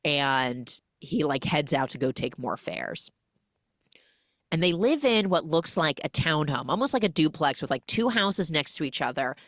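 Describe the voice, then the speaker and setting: A woman hosting a podcast, casually recapping a film as an animated storyteller who acts out the characters' lines. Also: sits low, measured pace, dry recording, clean studio sound. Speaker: podcast host.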